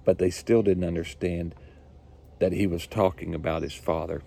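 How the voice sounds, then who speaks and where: A man delivers a sermon in a mellow, low register with a gravelly edge. He talks earnestly, circles back on key phrases and lifts his force as each point builds. Faint hum sits behind him. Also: steady tone, normal speed. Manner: earnest, repetitive, builds emphasis with rising force. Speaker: pastor.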